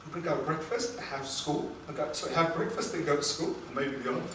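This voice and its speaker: A man, a motivational speaker telling an emotional personal story at a seminar, with dramatic pauses and questions to the audience. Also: fairly high pitch. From England. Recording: echoey room, distant mic, background noise.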